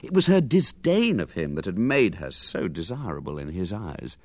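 A man reading a children's story aloud with lively, animated narration. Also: low-pitched, moderate pace, dry recording.

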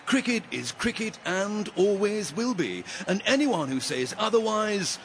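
A man's voice: high-pitched, sing-song, measured pace, a bit bright, a little hiss or hum, exaggerated voice. A man voicing a blustering, pompous old-school cricket commentator.

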